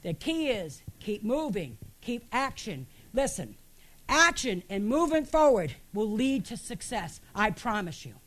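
Woman pastor, high voice, emphatic sermon delivery with rhetorical questions, speaking in a church. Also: sing-song, a little slow.

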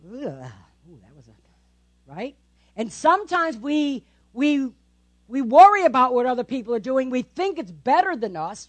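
A woman pastor giving a conversational sermon, often checking in with the congregation with tag questions. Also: high-pitched.

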